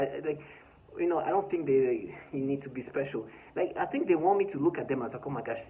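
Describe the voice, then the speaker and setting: A man's voice: a little high, mellow, low-quality recording. A man talking by his front door in an agitated, rambling vlog monologue, full of stammered restarts and bitter laughs. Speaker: vlogger.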